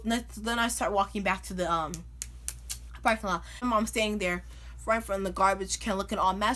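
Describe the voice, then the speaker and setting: A young woman vlogger telling a funny personal story in an animated, chatty way, full of "like" and "you know". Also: mid-range voice, fairly quick. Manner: animated, chatty, filler-heavy with lots of "like". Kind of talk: casual storytime.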